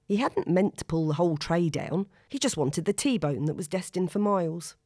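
A woman narrating a story in a steady, expressive reading. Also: on the low side, normal speed, no room sound, studio quality. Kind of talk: audiobook narration.

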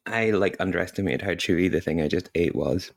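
Very low-voiced gushing woman. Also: fast. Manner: animated storyteller, gushing. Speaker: podcast co-host. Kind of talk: casual chat.

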